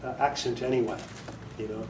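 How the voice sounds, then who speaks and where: A British audiobook director with a medium-pitched voice and fairly even intonation talks fairly quickly during an informal workshop. He chats and jokes with a small audience he quizzes in a meeting room, and the recording is echoey, distant from the mic, with faint noise.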